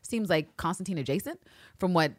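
A fairly low-voiced woman chatting on a podcast, cursing constantly and acting out the characters' lines. Close, dry sound with no room echo. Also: fairly quick. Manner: profane, animated, acts out quotes. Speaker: podcast co-host. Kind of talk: casual recap chat.

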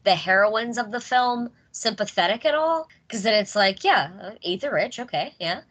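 An American woman hosts a podcast in easy, casual chat and laughs often along the way. Her voice is bright and forward, and her pitch moves a lot as she talks. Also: moderate pace. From United States. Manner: laughs often, animated and chatty. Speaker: podcast host. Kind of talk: casual chat reviewing a movie.

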